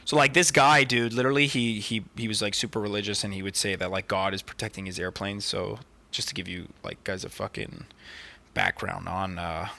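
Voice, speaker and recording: A man's voice: fairly low pitch, steady tone, fairly quick, creaky, pushed and bright. A man co-hosting a podcast, telling stories in casual chat, swearing often and filling with "like" and "dude". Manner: profane, filler-heavy storytelling. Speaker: podcast co-host.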